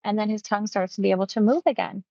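A woman's voice: medium pitch, racing, vocal fry, dark tone, no room sound, muffled recording. A woman hypnotist casually retelling a client session, acting out the quoted lines with animation.

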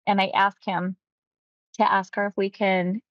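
A woman hypnotherapist recounting a client's session, talking quickly and acting out quotes. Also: medium pitch, no room sound, muffled recording. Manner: quick, animated retelling with acted quotes. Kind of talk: storytelling about a client session.

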